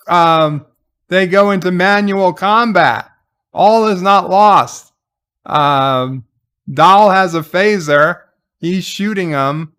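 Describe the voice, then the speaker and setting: A man casually recapping a TV episode as a reviewer, halting with restarts and fillers and getting excited as he retells the action. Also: sits high, smooth.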